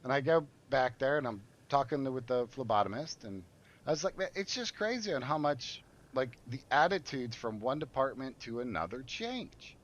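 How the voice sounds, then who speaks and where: A man's voice: mid-range voice, lively intonation, normal speed. Profane, indignant man ranting. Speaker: streamer. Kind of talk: casual storytelling while gaming. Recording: muffled lo-fi audio.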